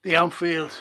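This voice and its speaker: Sweary excitable Liverpool man. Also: high voice, gravelly. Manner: sweary, excitable, heckling the players. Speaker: football watch-along streamer. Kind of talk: live match commentary and chat reading.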